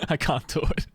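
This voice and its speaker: A male streamer with a fairly high, lively voice chats casually with his live audience, laughing often and peppering his talk with swearing and filler words. He sits close to a streaming mic in a dry room, with faint music playing behind him. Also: husky, no echo. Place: home streaming room, Tokyo.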